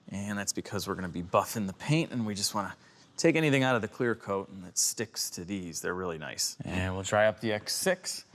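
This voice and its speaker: A man's voice: fairly low pitch, fairly bright tone. Man from Chicago, young adult, easygoing vlog host, casual narration over faint background noise. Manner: chatty, jokey, talks to viewers while working. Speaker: car YouTuber.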